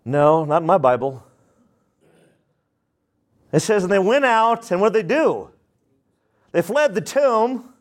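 A man's voice: high-pitched, animated, takes it slowly, pauses often. A man preaching a sermon as pastor, with emphatic repetition and questions put to the congregation.

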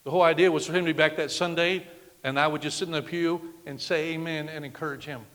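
A middle-aged man preaching a sermon as a guest pastor, emphatic, swinging from loud declarations to hushed lines. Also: a little high, steady tone, quick pace. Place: church sanctuary. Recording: long reverb of a large church hall.

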